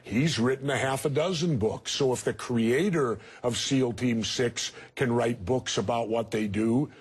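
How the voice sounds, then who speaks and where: A man's voice: mid-range voice, a little slow, husky. A man in his sixties, a TV interview guest, arguing bluntly and emphatically. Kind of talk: TV news interview.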